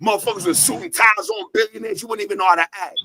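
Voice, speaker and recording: The head of an entertainment company hosts his company's talk show, preaching in a profane, fired-up style and driving points home with repeated lines and rhetorical questions. His voice is high, creaky, pushed and bright, swooping wildly in pitch as he talks fast. The low-quality recording has no room sound.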